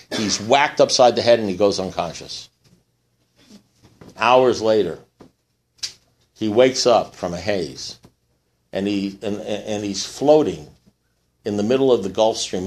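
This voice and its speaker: A man speaking at a recovery meeting, telling a long joke and acting out the characters in a rising, excited voice. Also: on the low side. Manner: animated storyteller, acts out characters in rising voice.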